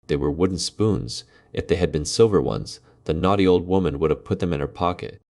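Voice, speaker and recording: A man reading a classic fairy tale aloud in a slow, measured way. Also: low voice, expressive, darkish tone. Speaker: storyteller.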